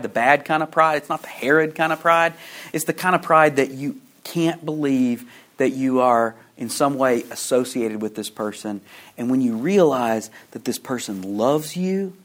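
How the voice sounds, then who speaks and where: A man telling a slow, dramatic story in a sermon, often dropping to a hushed low voice at emotional points and repeating his words as he builds toward a question. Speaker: preacher. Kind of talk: sermon illustration.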